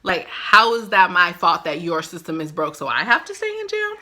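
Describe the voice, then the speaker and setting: A woman vlogger telling a storytime about a stay in jail, animated and acting out the voices of the people she quotes. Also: lowish voice, moderate pace, a crowd in the background. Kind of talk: storytime vlog.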